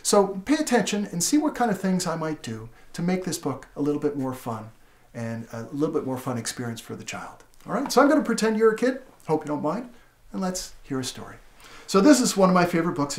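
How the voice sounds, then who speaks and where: A man's voice: on the high side, a little fast. A playful man reads a picture book aloud as if to a small child, asking question after question in a voice that leaps all over its range. The room gives him a roomy, echoing sound. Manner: playful, asks the listener many questions; animated, gasps and laughs in surprise. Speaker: literacy educator. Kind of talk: demonstrating reading aloud to a child. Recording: roomy echo.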